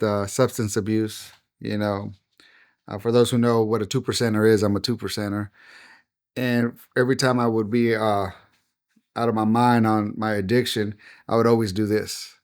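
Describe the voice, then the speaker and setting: A man's voice: lowish voice, clear, resonant tone. A middle-aged man, a pastor, telling his personal testimony as a podcast guest in an earnest, heartfelt way.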